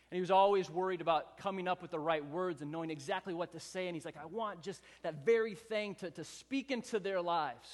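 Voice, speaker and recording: A man's voice: on the high side, big-room sound. A pastor in his thirties preaching a sermon, telling stories earnestly and building emphasis through repeated phrases. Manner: earnest storytelling, rising emphatic repetition.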